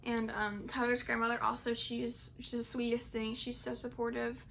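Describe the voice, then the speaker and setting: A woman's voice: on the high side, monotone, normal speed, creaky, a bit bright, a little hiss or hum. Young woman rambling with filler words. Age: young adult. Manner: rambling, heavy use of "like" and "um". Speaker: vlogger. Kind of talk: casual personal storytelling.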